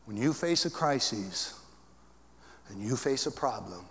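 A male pastor preaching a sermon to his church, with big swings in pitch and volume. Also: lively intonation, a little slow, fairly bright tone, in a large hall.

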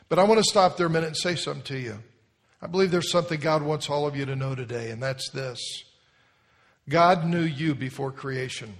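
A man preaching a sermon, telling a folksy story and building to loud exhortation. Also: fairly high pitch. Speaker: pastor. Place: large church hall. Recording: long hall reverb.

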